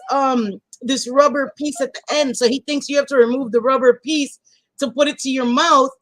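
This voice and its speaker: High-voiced woman telling a story on a live stream. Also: no echo. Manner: profane, animated, laughs a lot. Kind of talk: casual live chat storytelling.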